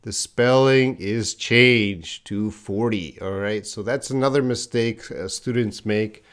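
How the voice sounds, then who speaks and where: Male English teacher, live class, slow and careful delivery, reads chat aloud. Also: on the low side, a bit bright, smooth. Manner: slow, deliberate, drills words for students to repeat; chats with viewers, reading the live chat aloud. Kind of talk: live-streamed English lesson.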